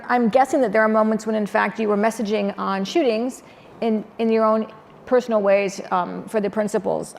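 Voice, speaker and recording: Gravelly woman moderating a panel. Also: medium pitch. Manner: thoughtful, hesitant, many ums while framing questions. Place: auditorium panel event. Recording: long hall reverb, faint room noise.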